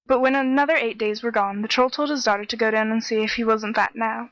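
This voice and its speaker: A woman narrating a fairy tale in a steady, measured storytelling voice. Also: fairly high pitch, no echo, poor audio. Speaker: audiobook narrator.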